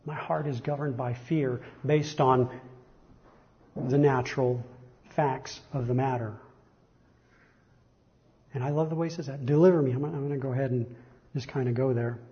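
Man preaching, mid-pitched voice, rising emphasis on verses, repeats himself, slightly muffled lo-fi sound. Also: fairly even intonation, moderate pace, long pauses. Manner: reads verses aloud with rising emphasis, self-correcting repetitions. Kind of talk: sermon reading scripture.

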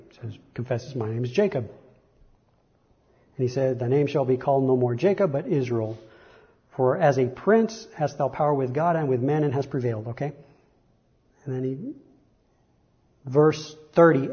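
A man with a mid-range voice preaches a sermon, reading Bible verses aloud with rising emphasis and often repeating himself to correct his words. The audio sounds dull.

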